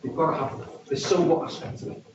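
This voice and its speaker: This conference speaker, a man with a regional accent, sounds a little high, steady and brisk as he presents in a wry, self-mocking, conversational way. The audio from the conference hall is distant, dull and echoey, with a little hiss or hum.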